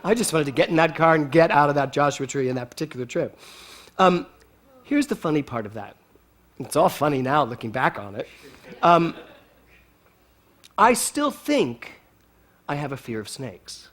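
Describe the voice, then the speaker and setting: A man giving a storytelling sermon to a congregation, animated and often laughing as he talks. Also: a little high, moderate pace, pauses often. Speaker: speaker at a spiritual center.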